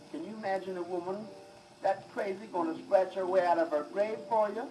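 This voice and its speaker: A man's voice: sits high, a little fast, mellow. Wisecracking man on a scratchy 1920s record. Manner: wisecracking, laughs at own jokes. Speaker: vaudeville comedian. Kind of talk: stand-up comedy monologue. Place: recording studio. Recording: scratchy 1920s phonograph record, distant and roomy.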